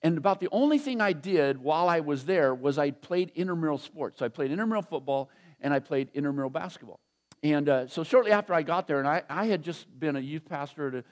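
A middle-aged man preaching a sermon in a conversational, storytelling way. He chuckles often and slows down to stress his points. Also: mid-range voice. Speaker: pastor.

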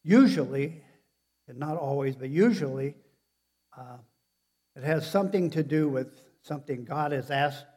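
A man's voice: mid-range voice, mellow. A male preacher giving a sermon in a loose, conversational style. He often stops and restarts his sentences and turns to the congregation with questions. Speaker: pastor.

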